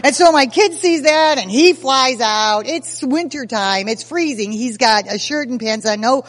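A woman in her sixties telling stories at a recovery meeting, lively and self-mocking, acting out scenes as she goes. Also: high-pitched, measured pace, in a large hall. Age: 60s. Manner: animated, self-mocking storyteller who acts out scenes. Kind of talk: personal testimony at a recovery meeting.

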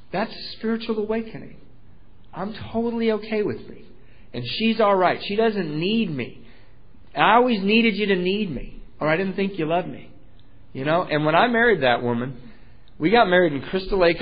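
A middle-aged man telling his recovery story at a meeting, animated and joking, acting out voices in the story. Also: a little high. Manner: animated storytelling, acts out voices, laughs at own jokes. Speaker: AA speaker sharing his story. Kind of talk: personal recovery talk at a meeting. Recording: dull lo-fi recording.

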